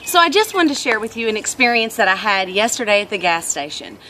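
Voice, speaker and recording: A woman's voice: medium pitch, expressive, quick pace, bright, forceful tone, a little hiss or hum. A woman vlogger telling a story in a casual, earnest, reflective monologue.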